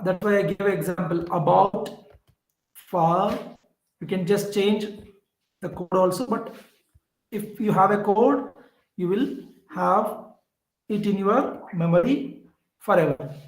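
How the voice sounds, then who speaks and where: A man's voice: high voice, takes it slowly, long pauses, echoey room, rough recording. A man with an Indian English accent teaching a lesson, explaining step by step and repeating key words. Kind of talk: lecture.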